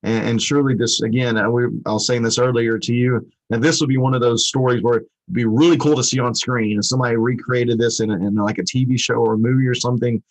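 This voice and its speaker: Man, bible study co-host, conversational teaching, rambling restarts, mid-pitched voice. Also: steady tone, fast, hardly any pauses, poor audio. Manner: rambling, many restarts and fillers.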